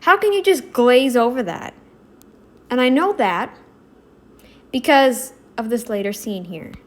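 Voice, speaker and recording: A woman's voice: on the high side, lively intonation, a little slow. A woman hosting a reaction video, talking back at the screen with indignant, emphatic commentary.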